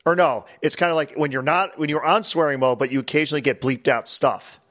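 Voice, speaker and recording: A man's voice: on the high side, fast, fairly bright tone. Chatty man mimicking game voices. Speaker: pinball podcast host. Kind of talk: casual chat.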